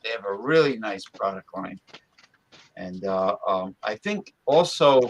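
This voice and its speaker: A man's voice: lowish voice, lively intonation, unhurried, rough recording. A man co-hosting a casual podcast, talking in an easygoing way and often repeating himself. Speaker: podcast co-host. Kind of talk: casual chat.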